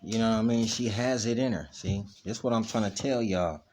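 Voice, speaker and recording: Rambling low-voiced man talking dogs. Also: a little fast, a little mellow. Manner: rambling, repeats "you know what I mean". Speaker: dog vlog host. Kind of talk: casual chat. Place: at home, indoors. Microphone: camera.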